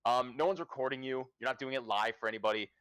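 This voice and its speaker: A man's voice: medium pitch, quick pace, a bit bright, clean tone. Regular-sounding guy on a live stream, swearing and emphatic, dishing out dm advice. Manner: casual, profane, emphatic advice-giving. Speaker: podcast host and dungeon master. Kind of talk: casual livestream chat.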